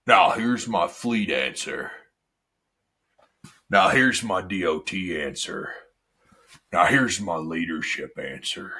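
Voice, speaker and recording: A man impersonating his arrogant former boss, an ex-cop, with a deep, self-important, know-it-all delivery. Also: lively intonation, takes it slowly, pauses often, bright, forceful tone, husky, heavily acted. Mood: smug.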